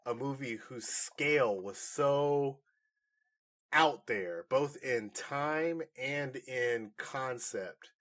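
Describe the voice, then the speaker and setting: This is a man of middling pitch co-hosting a podcast and talking through a film review. He rambles and restarts, gets animated, and breaks into laughter now and then. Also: very slow. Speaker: podcast co-host. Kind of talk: casual movie review chat.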